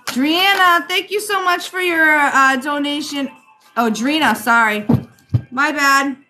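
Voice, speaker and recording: A chatty woman with a Rhode Island accent gives a card reading on a live stream. She calls her viewers darling. Her voice sits a little high and sounds bright and forceful. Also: unhurried, soft background music. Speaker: psychic reader and livestream host.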